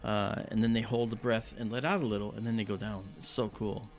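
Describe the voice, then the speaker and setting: Gravelly-voiced chatty livestream host. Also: male voice, on the low side, flat delivery, a little fast, soft background music. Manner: rambling, friendly, many fillers, greets viewers. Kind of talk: casual livestream chat.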